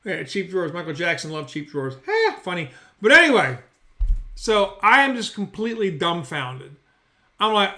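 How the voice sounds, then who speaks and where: A man's voice: high voice, sing-song, moderate pace, pushed and bright. A man telling a story at home in a loose, profane, rambling way into a mic. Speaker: storyteller vlogger. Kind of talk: casual storytelling. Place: indoors at home, bedroom. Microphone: studio mic.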